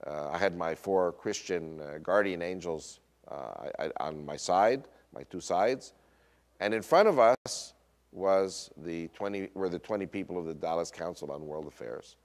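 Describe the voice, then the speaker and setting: An American man with a Northern US accent telling a personal story in a lecture, quoting others and often pausing on fillers. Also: sits low. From United States. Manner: animated retelling with quoted voices, frequent uh fillers. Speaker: speaker.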